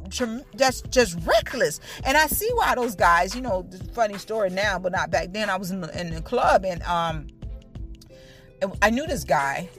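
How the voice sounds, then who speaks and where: Woman in her thirties, heartfelt testimony, mid-pitched voice, soft music underneath. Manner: earnest, repetitive, talks straight to listeners. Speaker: speaker sharing her testimony. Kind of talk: candid personal testimony.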